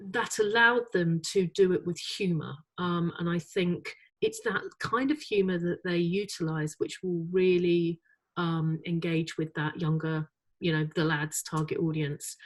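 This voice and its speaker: A middle-aged woman chairing an advertising awards jury, answering interview questions in a lively, chatty way with many fillers. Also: fairly low pitch. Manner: animated, many fillers, laughs easily.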